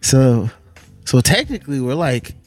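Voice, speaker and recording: A man's voice: medium pitch, sing-song. A man co-hosting a podcast, chatting casually and laughing a lot. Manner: joking, quick to laugh. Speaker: podcast co-host. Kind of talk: casual chat. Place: parked car in the rain.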